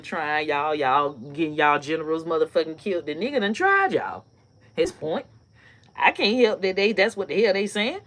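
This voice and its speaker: A woman hosting a casual comedy live stream, telling stories and ranting in a loose, profane, animated way with bursts of laughter. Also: deep voice, moderate pace. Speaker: online comedy host.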